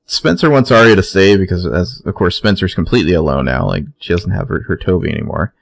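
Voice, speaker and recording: A man's voice: deep voice, lively intonation, fast, gravelly, no echo. A man co-hosting a podcast, laid-back and wry as he recaps a TV episode. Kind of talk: casual chat.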